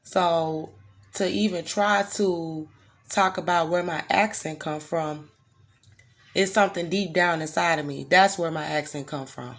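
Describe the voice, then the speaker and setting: A woman from the United States vents in a blunt, profane, heated monologue to her audience. Her voice is low and gravelly with a rough edge of fry, and she pushes every point hard. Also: measured pace. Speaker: vlogger. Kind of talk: impassioned direct-to-camera rant.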